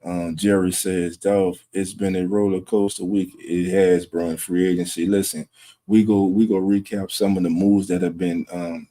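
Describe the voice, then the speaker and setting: A man hosting a late-night sports livestream at home, talking low and greeting chat viewers by name. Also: level tone, moderate pace, dark tone. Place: home room at night with wife resting nearby.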